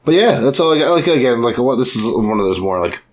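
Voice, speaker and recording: A mid-pitched man talks loosely through a casual podcast chat, dropping swear words and letting thoughts trail off. A faint hiss sits under his voice. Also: very animated, fast talker. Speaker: co-host, first-time reader.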